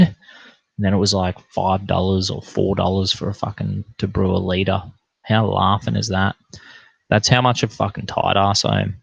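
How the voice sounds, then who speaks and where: Australian man, young adult, gravelly, low-pitched, sweary slang-heavy storytelling, livestream host reading comments. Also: no room sound, muffled recording. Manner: swearing, slangy, rambling anecdotes with acted-out quotes. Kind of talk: casual livestream chat and storytelling.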